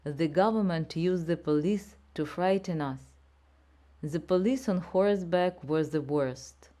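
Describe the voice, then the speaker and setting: Woman narrator reading an audiobook really slow, warm lowish voice. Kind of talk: slow scripted narration for learners.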